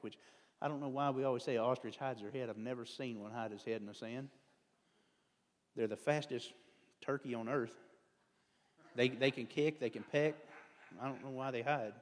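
A man's voice: medium pitch, steady tone, normal speed. A man preaching a folksy, conversational sermon as a lay speaker, drifting into digressions and self-deprecating humor. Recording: long hall reverb.

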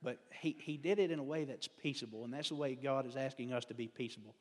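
A man's voice: medium pitch, fast talker, a little mellow. A man preaching a folksy, conversational sermon as a lay speaker, drifting into digressions and self-deprecating humor. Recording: long hall reverb.

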